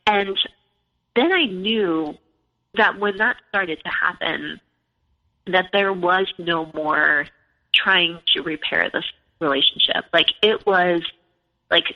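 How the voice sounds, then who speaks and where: A woman's voice: lowish voice, a little slow. Woman in her forties, podcast guest, rambling, lots of "like", muffled call audio, echoey reverb. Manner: rambling, heavy use of filler "like". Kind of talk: casual storytelling interview.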